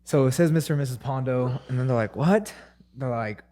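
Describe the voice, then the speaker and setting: A man's voice: mid-range voice, fast, dark tone. A young man co-hosting a podcast, telling a rambling family story and acting out the quotes. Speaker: podcast co-host. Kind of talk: casual chat.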